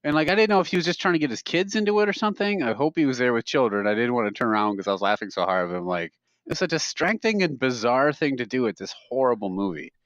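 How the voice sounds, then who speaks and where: A man's voice: mid-range voice, expressive, quick pace, few pauses, fairly bright tone, dry recording. Rambling man telling funny stories. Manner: rambling storyteller who laughs at his own stories. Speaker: podcast co-host. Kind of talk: casual chat. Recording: dry, slightly dull podcast mic.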